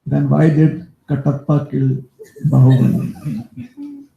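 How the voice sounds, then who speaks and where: A male preacher telling a devotional story in a sermon, as an animated storyteller who turns aside to talk to his listeners. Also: on the high side, slow, gravelly, highs cut off. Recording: echoey room.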